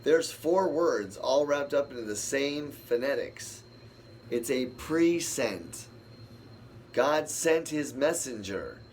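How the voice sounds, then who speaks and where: A man in the middle of a Bible study talks at an easy, slow pace, wandering from point to point as he thinks aloud. He answers the verses as he reads them, with a faint room hum underneath. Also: medium pitch, lively intonation, a little mellow. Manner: rambling, thinks aloud and talks back to scripture. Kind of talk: casual Bible study talk.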